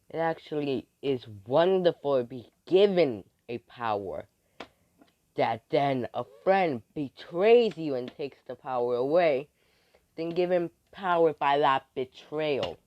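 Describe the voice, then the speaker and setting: Young male narrator, unhurried and rambling, improvising a fan story at home with quick character voices; middle-pitched. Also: a little mellow, muffled recording. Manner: rambling, halting, with many restarts and fillers.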